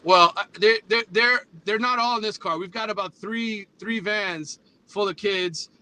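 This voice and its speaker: A sports reporter on a phone call from a moving car, easygoing and laughing, often stammering on a word. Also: male voice, high voice, measured pace, bright, forceful tone. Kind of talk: casual chat. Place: in a car with passengers. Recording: faint road noise.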